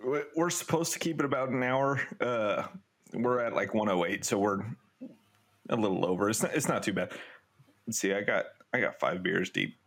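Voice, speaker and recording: A man's voice: on the low side, moderate pace, fairly bright tone. A young man from California hosting a casual remote podcast chat, laid-back and joking. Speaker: podcast host. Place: home, recorded remotely.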